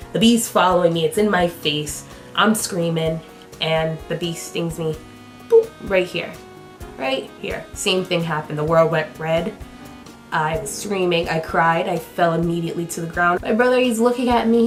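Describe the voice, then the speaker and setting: A woman vlogger telling a storytime with animated, chatty delivery, full of fillers, acting out the people in it. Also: lowish voice. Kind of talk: storytime vlog.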